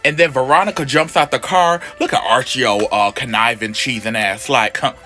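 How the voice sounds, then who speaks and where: A man's voice: medium pitch, normal speed, few pauses, sharp tone, faint music behind. A man casually recapping a comic story in a sassy, slangy way, calling everyone honey. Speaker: comic book recap host.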